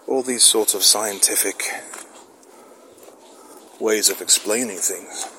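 A man's voice: fairly low pitch, slow pace, pauses often, pushed and bright, low-quality recording. A middle-aged man musing aloud in a rambling, self-questioning solo monologue, recorded outside in the wind. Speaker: podcast host. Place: outdoors in the wind.

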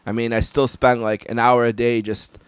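A man in his forties, co-hosting a podcast, telling a personal story in a relaxed, reflective way. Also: mid-range voice, moderate pace, smooth, dry recording. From United States. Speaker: podcast co-host. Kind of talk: casual podcast chat.

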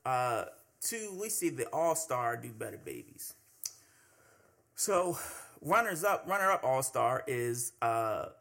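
A man's voice: mid-range voice, creaky, a bit bright. A man hosting a solo commentary podcast, talking conversationally with many fillers and restarts. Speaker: podcast host.

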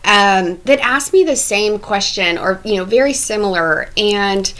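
A woman's voice: mid-range voice, unhurried, fairly bright tone, low-quality recording. An American woman chatting as a guest, telling travel stories with frequent laughs and many fillers. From United States. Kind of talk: casual conversation.

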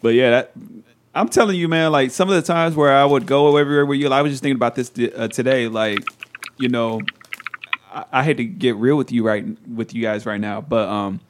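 A young man chats casually on a podcast, telling loose, profane stories. His voice sits at an ordinary middle pitch for a man, and he keeps breaking into laughs. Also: fairly quick, a little hiss or hum. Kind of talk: casual chat.

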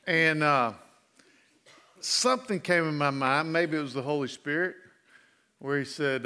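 A middle-aged male pastor preaching a sermon, folksy and animated as he tells stories. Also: on the high side, unhurried, clear, resonant tone. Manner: folksy storytelling with animated asides.

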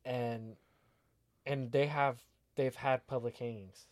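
A man's voice: mid-range voice, fairly even intonation, takes it slowly, darkish tone, no echo, studio quality. A man guesting on a podcast, telling stories in casual chat, blunt and profane. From Mexican family, raised in Florida.

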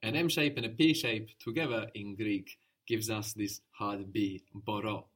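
A man's voice: on the low side, expressive, normal speed, a bit bright. A man teaching a language lesson, patient and encouraging, explaining each point step by step.

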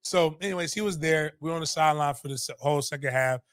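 Man in his middle years, podcast storyteller, profane and animated, a bit high-pitched, dry close mic. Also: quick pace, dry recording. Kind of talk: casual storytelling.

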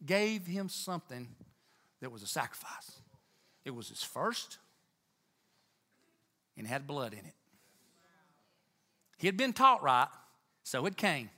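A man preaching a sermon in church, talking to the congregation with emphatic, animated delivery and Southern turns of phrase. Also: sits high. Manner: animated, emphatic, rising to near-shouts.

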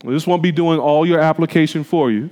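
A pastor whose voice sits on the high side and sounds a little mellow preaches at a slightly quick pace. He's colloquial and emphatic, questioning the congregation rhetorically, with a hall's long reverb around him.

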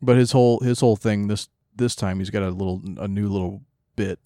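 A man with a fairly low voice co-hosting a podcast, recorded close and dry. He rambles in a laid-back way and laughs mid-sentence. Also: fairly even intonation, brisk, mellow, no echo. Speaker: podcast co-host. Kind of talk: casual podcast banter.

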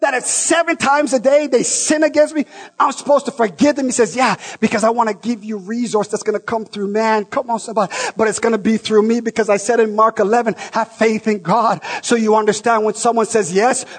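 A male preacher with a high, husky voice delivers a passionate sermon, swinging from shouted lines to soft asides and calling out to his listeners. His voice rings with a long reverb from a large church hall. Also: fairly even intonation, fairly quick.

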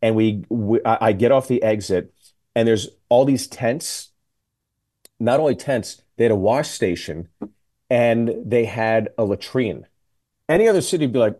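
A middle-aged man spinning comic stories on a talk radio show. His voice sits at an ordinary pitch but has a mellow, dark tone, and he jumps into quoted voices with animated energy. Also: normal speed. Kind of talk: casual storytelling chat.

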